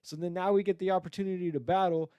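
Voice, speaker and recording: A young man on a podcast, heated and mocking, swearing nonstop as he rants. His voice sits a little high and comes through smooth and clear. The close mic sounds dry, with no room around it. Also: fairly even intonation, fast, no echo, highs cut off. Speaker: podcast host and battle rapper. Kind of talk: profane, ranting podcast talk.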